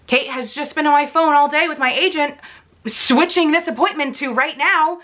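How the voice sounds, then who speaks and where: A woman's voice: high voice, moderate pace. Exasperated woman ranting in a storytime vlog. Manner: exasperated, animated retelling with frequent "like" and swearing. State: in pain. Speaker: vlogger. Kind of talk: casual storytime rant.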